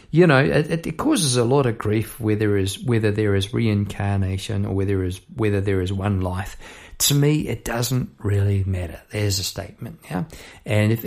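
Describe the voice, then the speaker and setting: A man's voice: on the low side, gravelly, darkish tone. A man hosting a solo podcast, musing aloud about song lyrics in a rambling, thinking-aloud way. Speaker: podcast host. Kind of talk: reflective solo talk on songwriting.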